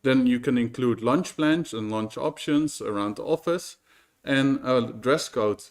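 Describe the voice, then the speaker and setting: A man presenting at a tech meetup, his voice sitting at an ordinary middle pitch. He explains his points plainly, pausing and restarting often as he goes. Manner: explanatory, frequent fillers and restarts. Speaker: conference speaker. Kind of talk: conference talk.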